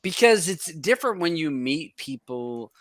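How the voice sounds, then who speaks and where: A man's voice: a little high, very animated, unhurried, a bit bright, dry recording. A man hosting a casual panel chat, who laughs often and swears freely as he tells stories. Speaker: host.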